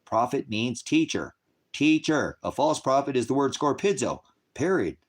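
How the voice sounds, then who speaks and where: A man with a mid-range voice and big swings in pitch speaks at a normal speed. He hosts a ministry livestream, lecturing on scripture while angrily heckling commenters in his chat and swearing at them in a combative way.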